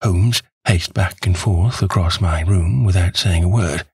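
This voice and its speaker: Brief: male narrator, low gravelly-husky voice, dry close recording, measured and wry. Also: a little mellow, dry recording. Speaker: audiobook narrator. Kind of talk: scripted first-person narration.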